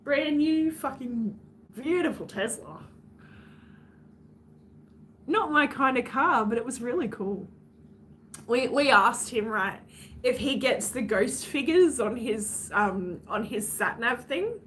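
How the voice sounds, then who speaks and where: A fairly high-voiced Australian woman speaks on a casual livestream. She is blunt and swears freely as she vents to her viewers. A faint hiss sits under her voice. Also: lively intonation, slow, long pauses, a bit bright.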